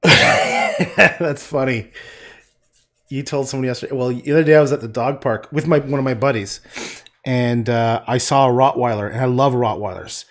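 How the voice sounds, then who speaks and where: A middle-aged man chatting casually and gruffly while he paints on a livestream, swearing and laughing often. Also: mid-range voice, normal speed.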